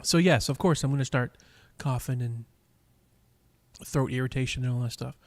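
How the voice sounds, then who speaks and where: A man's voice: medium pitch, moderate pace. A man hosting a live stream in casual chat, rambling with lots of fillers and teasing his viewers, talking into a microphone in a cigar lounge. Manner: rambling, chatty, many fillers and restarts.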